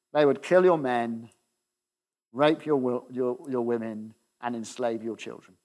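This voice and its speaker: A man preaching a conversational sermon, often checking in with the congregation and letting his voice drop softly at the ends of phrases. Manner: conversational, asks the audience questions with tag "okay?"; drops to a soft low voice at the ends of phrases.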